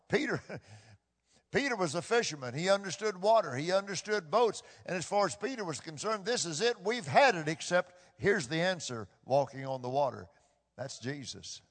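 A man preaching a sermon with impassioned delivery, swinging from hushed tones to loud bursts and repeating phrases for emphasis. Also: high-pitched, expressive, moderate pace. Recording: long hall reverb.

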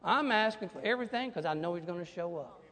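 A man preaching a sermon as pastor, animated, swinging from hushed asides to loud declarations. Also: sits high, quick pace, in a large hall.

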